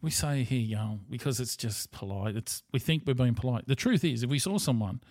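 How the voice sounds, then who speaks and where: Australian male host, casual monologue, swears freely, rambles, mid-pitched voice, dry close sound. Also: lively intonation, brisk, a little mellow, no echo. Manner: rambling, profane and blunt.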